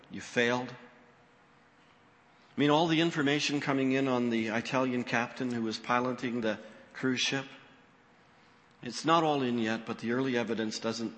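Bright-voiced pastor preaching in a reverberant hall. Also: male voice, mid-range voice. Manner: expressive storytelling, acting out quoted voices. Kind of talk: sermon.

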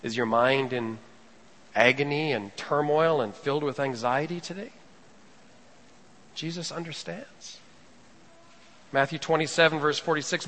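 Bright-voiced preacher in a reverberant hall. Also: male voice, fairly high pitch, a little slow, long pauses. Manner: rising and falling preaching delivery, quotes scripture dramatically. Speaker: pastor. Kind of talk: sermon. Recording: long reverb of a large hall.

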